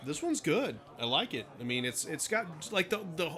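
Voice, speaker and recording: A man co-hosting a podcast, chatting in a relaxed way, laughing easily and hedging his words. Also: fairly high pitch, moderate pace. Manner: laid-back, laughs easily, hedges with "like". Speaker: podcast co-host. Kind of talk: casual podcast chat.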